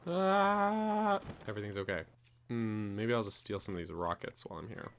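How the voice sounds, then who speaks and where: Goofy low-voiced man streaming a game. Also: fast, slight background noise. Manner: goofy, rambling storytelling with frequent restarts. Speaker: gaming streamer. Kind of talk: casual gameplay commentary.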